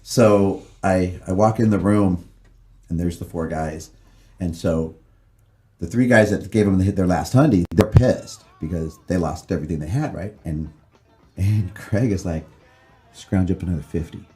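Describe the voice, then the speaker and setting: Deep mellow guy on a podcast, laid back storytelling. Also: measured pace, soft background music. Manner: storytelling, relaxed and chatty. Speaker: podcast host. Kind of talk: casual chat.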